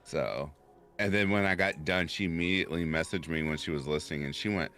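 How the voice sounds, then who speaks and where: Talking briskly, a man who hosts podcasts and narrates horror tells animated stories in a casual conversation, his deep voice rumbling with subharmonics and frequently breaking into laughter.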